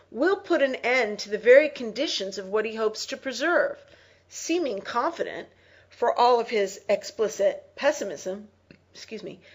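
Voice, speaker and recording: A woman teacher reading a text aloud and explaining it slowly, pausing to reread phrases for emphasis. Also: on the high side, rough recording. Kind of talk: slow close-reading lesson.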